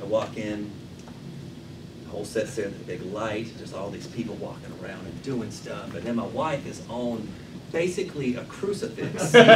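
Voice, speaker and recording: Animated man telling a story on a theater stage. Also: medium pitch. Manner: animated, swears freely. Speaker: guest storyteller at an improv comedy show. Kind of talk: live comedic true-story monologue. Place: theater stage with live audience. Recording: echoey room, mic from a distance, loud audience laughter.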